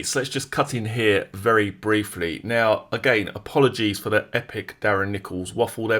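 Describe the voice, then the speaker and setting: A man's voice: on the low side, fairly bright tone, slightly rough. A man hosting a true-crime channel, breaking down a clip and speaking directly to viewers. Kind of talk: explanatory commentary.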